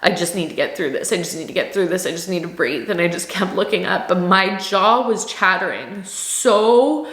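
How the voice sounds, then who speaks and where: A woman's voice: lowish voice, fast talker, hardly any pauses. A woman in her thirties telling a personal story to camera, candid and emotional, with lots of "like". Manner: candid and emotional, heavy use of "like". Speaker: vlogger. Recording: echoey room.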